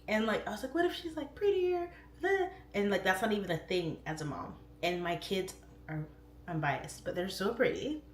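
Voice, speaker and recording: A middle-aged woman hosting a livestream, rambling casually and swooping into high voices when she quotes herself. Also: echoey room, a little hiss or hum. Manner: chatty, rambling, warm-hearted talk with frequent "like" fillers. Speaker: livestream host. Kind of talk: casual chat. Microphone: phone or webcam.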